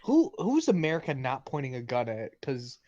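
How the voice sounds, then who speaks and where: A man hosting a comedy podcast, swearing freely in crude, lively banter. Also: mid-range voice, normal speed, no echo, highs cut off. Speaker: podcast host. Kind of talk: casual comedic chat.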